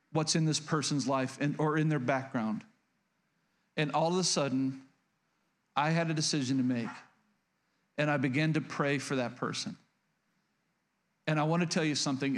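High-voiced man preaching earnestly. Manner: earnest and confessional, with many restarts and questions to the congregation. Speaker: pastor. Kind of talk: sermon.

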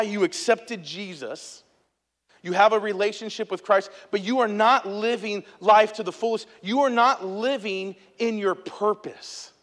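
A man's voice: high voice, fairly bright tone. A man in his thirties preaching a sermon as a pastor, telling stories in a conversational, emphatic way with asides to the congregation. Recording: echoey hall.

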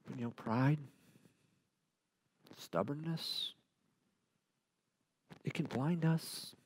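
A man preaching a verse-by-verse Bible sermon, animated and full of rhetorical questions, dropping from loud to hushed. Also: a little high, very slow, breathy edge.

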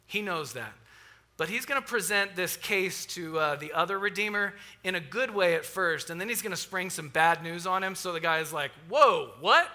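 A man preaching a sermon in a very bright, forceful voice that sits a little high. He retells the story in a lively, conversational way and turns aside to talk directly to the congregation. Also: normal speed. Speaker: pastor.

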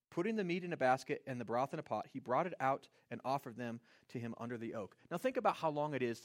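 A man preaching a sermon in a conversational, animated way, voicing characters with playful asides. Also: fairly high pitch. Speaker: pastor.

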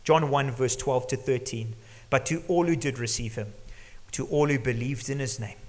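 A middle-aged male pastor preaching an earnest sermon, sometimes dropping to a hush for emphasis. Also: medium pitch, normal speed. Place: church hall. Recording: long church reverb.

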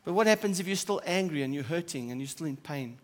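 Man, pastor, sermon, high voice, loud emphasis and soft asides, long hall reverb. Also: quick pace. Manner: animated preaching that swings from loud emphasis to quiet, soft asides.

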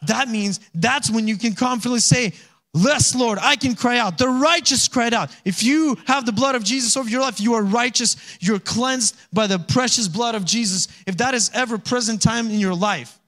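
High-voiced pastor preaching conversationally. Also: male voice, normal speed, few pauses. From Alaska. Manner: conversational preaching, acts out little voices and laughs; rising to loud exhortation. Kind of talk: sermon.

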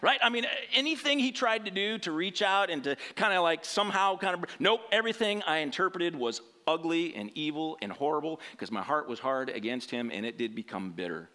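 A man tells a personal story from the pulpit in a conversational, rambling way, often checking in with the listener. His voice sits fairly high and bright, and it swings widely up and down as he talks. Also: expressive, fairly quick, few pauses. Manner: rambling, conversational, tags lines with "right?".

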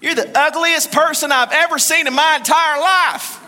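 A man voicing a rude male parrot in a pet store, calling out in a loud, insulting squawk. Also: very high-pitched, fairly even intonation, moderate pace, voice pushed up, full character voice. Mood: taunting. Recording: echoey hall.

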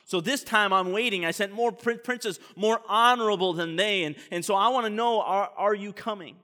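A man's voice: sits high, moderate pace, in a large hall. A man voicing an impatient, scheming ancient king who whines and makes demands. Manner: whiny, excitable, demanding.

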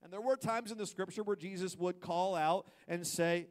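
A male pastor with a fairly high-pitched voice delivers a sermon. He drops to soft, close asides, then builds to loud, emphatic preaching. He slips into playful quoted voices to act out what people think. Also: moderate pace.

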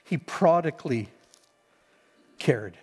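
A male pastor preaching an impassioned sermon, swinging between shouts and quiet storytelling. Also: fairly high pitch, lively intonation, slow, husky. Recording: long hall reverb.

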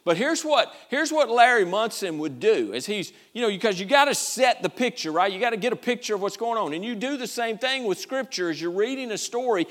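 A man's voice: sits high, fairly bright tone. A middle-aged man preaching a sermon in a folksy, conversational way. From Georgia. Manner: folksy, conversational, drawling with y'all and ain't. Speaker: pastor.

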